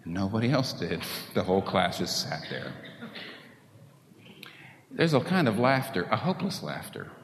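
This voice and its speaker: A man delivers a sermon with animated, conversational energy. His voice carries through a roomy hall with a long reverb tail, recorded in a church sanctuary. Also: low-pitched, unhurried, creaky, long pauses, slight background noise. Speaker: pastor.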